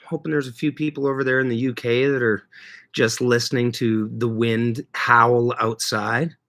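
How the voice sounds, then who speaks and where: A man's voice: medium pitch, flat delivery, normal speed, a bit bright. A man chatting casually on a livestream, rambling easygoing and laughing often as he greets viewers by name. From Canada. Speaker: livestream host.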